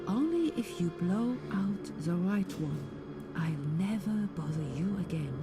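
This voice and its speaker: An actress voicing a sinister, mocking old woman in a video game, speaking in a slow, measured, menacing way. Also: medium pitch. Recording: game audio under loud music.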